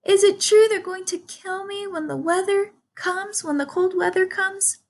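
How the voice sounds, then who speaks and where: A woman voicing a frightened young male pig who screams and sobs in a shrill voice, reading a storybook aloud. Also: unhurried. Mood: panicked.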